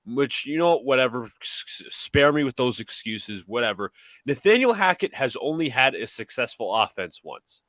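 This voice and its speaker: A man with a lively, swinging voice making his case on a sports podcast. He is argumentative and emphatic, hammering each point home, and the sound is dry and close with no room echo. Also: mid-range voice, moderate pace. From New York area. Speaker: podcast host. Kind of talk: animated sports debate.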